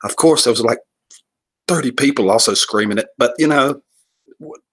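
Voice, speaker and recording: A man hosts a casual livestream, joking, laughing often, and rambling while he greets viewers and reads comments. His medium-pitched voice is husky and moves at a normal speed.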